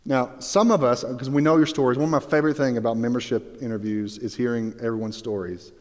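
A man preaching a sermon as pastor, telling the scene with lively, acted-out storytelling. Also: mid-range voice, quick pace. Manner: animated storytelling, acts out Bible scenes. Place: church sanctuary. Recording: long reverb of a hall.

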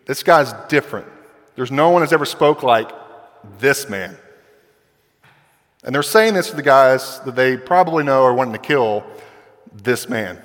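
A man's voice: medium pitch, lively intonation, a little slow, long pauses, fairly bright tone. Man, pastor, conversational sermon, acts out voices, long hall reverb.

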